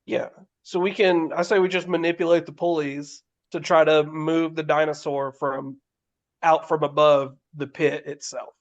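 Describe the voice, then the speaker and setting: A man's voice: on the high side, flat delivery, normal speed, muffled recording. A man playing a tabletop role-playing game, asking questions in a casual, self-deprecating way. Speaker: player.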